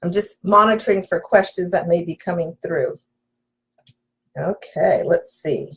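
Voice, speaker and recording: A woman relationship coach giving an emphatic live session, talking straight to her audience. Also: mid-range voice. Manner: emphatic, preacherly, addresses audience directly.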